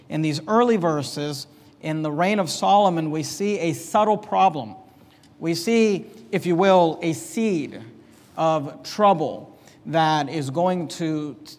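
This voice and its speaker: Male preacher, emphatic measured sermon, fairly high voice, long hall reverb. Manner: slow, emphatic, repeats key words. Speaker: pastor. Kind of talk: verse-by-verse sermon.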